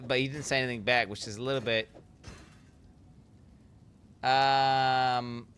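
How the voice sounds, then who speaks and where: A man's voice: medium pitch, fairly even intonation, measured pace, fairly bright tone, clean tone. A man in his thirties streaming a game and chatting loosely with his viewers, swearing constantly and joking around. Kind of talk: casual live-stream chat.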